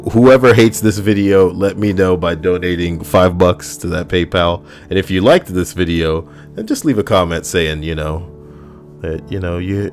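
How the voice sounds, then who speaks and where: A man, hosting a casual comedy video in a crude, rambling, sardonic way. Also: sits low. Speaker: video host.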